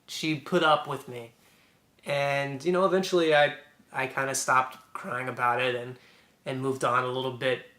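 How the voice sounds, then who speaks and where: Bright-voiced young man in echoey room. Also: medium pitch. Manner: rambling and reflective, many restarts. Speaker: vlogger. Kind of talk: personal storytelling to camera.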